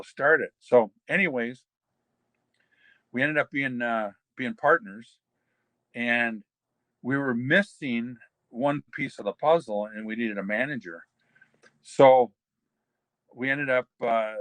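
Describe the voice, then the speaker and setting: Bright-voiced older man telling stories. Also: medium pitch, no room sound. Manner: rambling anecdotes, acting out quoted dialogue. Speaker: interview guest. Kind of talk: storytelling shoot interview.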